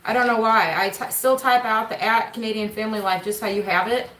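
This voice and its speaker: Her voice is a little high, a bit bright, and brisk, with fairly even intonation. She is a homestead channel host and mother doing a casual livestream mail call at her home table, chatting and frequently turning to talk to her kids. The camera is on the table, and the house lends a roomy echo.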